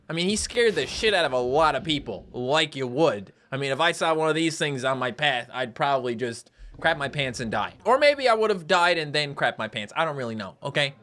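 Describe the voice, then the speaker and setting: Young male gaming host, jokey commentary, voice leaps high and wide when excited. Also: moderate pace, slight background noise. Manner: excitable, jumps into high-pitched outbursts. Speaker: gaming YouTuber.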